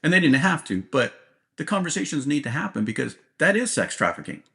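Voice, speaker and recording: A man's voice: a little high, big pitch swings, a little fast, gravelly, fairly bright tone. A man, a police officer guest, talking bluntly and plainly in an interview, often checking in with "right?". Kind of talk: candid interview talk.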